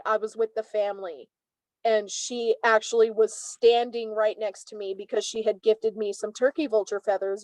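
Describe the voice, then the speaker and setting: A woman in her twenties, a tarot reader, telling stories as an interview guest in a chatty, animated way with many "like" fillers. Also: medium pitch, no room sound, poor audio. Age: 20s. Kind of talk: casual interview storytelling.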